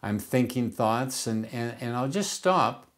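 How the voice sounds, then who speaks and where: A man's voice: medium pitch, lively intonation, a little slow. A man teaching about working with the mind in a reflective talk, often repeating words as he searches for his phrasing.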